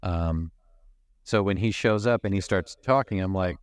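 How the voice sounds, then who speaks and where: Male podcast co-host, lowish voice, loose and jokey, dry close mic. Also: normal speed, smooth, dry recording. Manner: rambling, joking, swears freely, laughs often. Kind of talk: casual movie-review chat.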